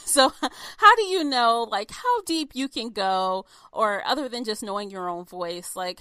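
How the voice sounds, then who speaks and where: Woman podcast host, bright sharp voice, dry sound, curious and chatty. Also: medium pitch, dry recording. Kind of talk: conversational interview.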